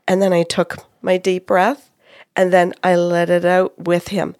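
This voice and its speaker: A woman's voice: lowish voice, a little slow, no echo, clean studio sound. A woman working as a psychic medium, recounting a session in a conversation and acting out the quotes as she goes. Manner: animated retelling, acting out quotes. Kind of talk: storytelling in a conversation.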